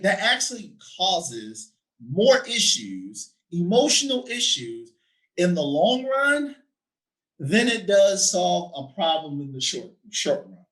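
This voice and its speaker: A man in his thirties talking in an animated, chatty way, laughing and checking in often with his listener. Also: high-pitched, low-quality recording. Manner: animated, laughing, frequent "right?" tags. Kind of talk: casual conversation.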